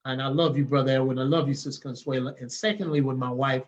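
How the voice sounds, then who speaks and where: A man, telling stories as a podcast guest in a lively, casual way and acting out the people he quotes. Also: mid-range voice, fast talker, lo-fi sound. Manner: animated, acts out the people he quotes, laughs often. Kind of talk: casual storytelling.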